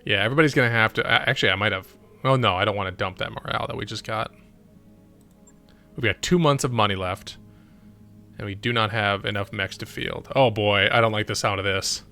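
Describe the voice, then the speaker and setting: Bright-voiced man streaming a game. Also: fairly low pitch, a little fast, creaky, faint music behind. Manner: muttering, thinking aloud. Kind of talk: casual gameplay commentary.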